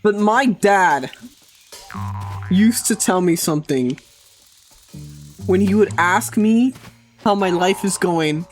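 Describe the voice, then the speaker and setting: A man's voice: sits high, takes it slowly, pauses often, faint music behind. A man live-streaming who chats casually with his audience, making crude jokes, laughing often and rambling.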